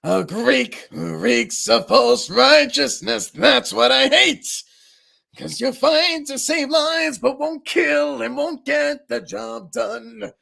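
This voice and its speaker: A man voicing a loud, menacing talking knife, singing slowly and dramatically on a livestream. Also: extremely high pitch, lively intonation, vocal fry, voice pushed up, heavily acted. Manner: slow, drawn-out sung delivery.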